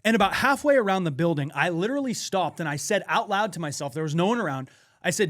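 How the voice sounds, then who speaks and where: A man co-hosting a podcast, telling a personal story in an animated way with frequent swearing. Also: high-pitched, fast talker. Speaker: podcast co-host. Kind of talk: casual podcast chat.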